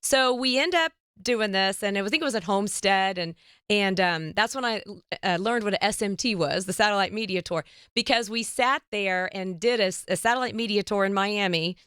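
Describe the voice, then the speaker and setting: A woman hosting a podcast, telling a story in a lively, chatty way and squealing up high when she quotes herself. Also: fairly quick, clear, resonant tone, dry recording, studio quality. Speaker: podcast host. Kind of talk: casual storytelling chat.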